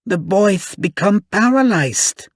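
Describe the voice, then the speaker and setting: Shrill lisping hothead. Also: male voice, animated, slow, no room sound, clean studio sound, heavily acted. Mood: indignant. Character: shrill lisping young man, hot-tempered.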